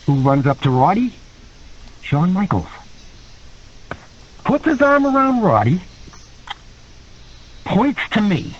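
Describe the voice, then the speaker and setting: Man, guest storyteller, fairly high voice, lively swooping pitch, laughs a lot, dull recording. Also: measured pace, pauses often, slight background noise. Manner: animated, laughs often, acts out quotes in other voices. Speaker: guest wrestler. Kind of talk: casual storytelling.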